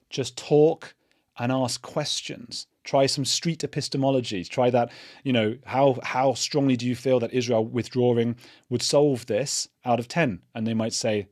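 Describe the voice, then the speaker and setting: A man's voice: medium pitch, darkish tone, dry recording, clean studio sound. A middle-aged man hosting his own channel, giving earnest spoken commentary and thinking aloud with restarts. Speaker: channel host. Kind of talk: casual commentary to camera.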